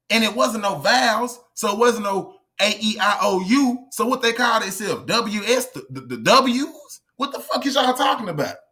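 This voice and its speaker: A man with a high, bright voice gives a profane lecture to camera. He hammers his points home confrontationally and repeats lines for emphasis. His tone is forceful and sharp as he talks straight at the viewer. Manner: emphatic, repetitive, confrontational, addresses viewers directly. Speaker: online lecturer. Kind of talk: profane, heated monologue to camera.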